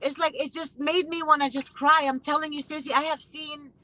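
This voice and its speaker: A woman's voice: high voice, fairly even intonation, fairly quick, pushed and bright, low-quality recording. A woman hosting a casual conversation, talking emphatically and passionately and often repeating herself for weight. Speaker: host; mother.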